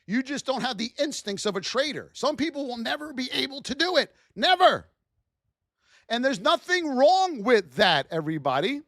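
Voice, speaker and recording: A man with a strikingly high, lively voice teaches trading live, loud and preachy, pushing his points by yelling. The sound is dry and close with no room around it. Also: fairly quick, few pauses, no echo. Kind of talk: fired-up livestream teaching.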